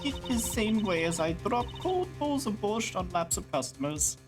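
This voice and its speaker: A woman's voice: medium pitch, very animated, moderate pace, over music, natural voice. Woman putting on a timid Russian waitress. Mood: hesitant. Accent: put-on Russian. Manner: hesitant, self-conscious attempt at the accent. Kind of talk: reading game lines aloud on a livestream.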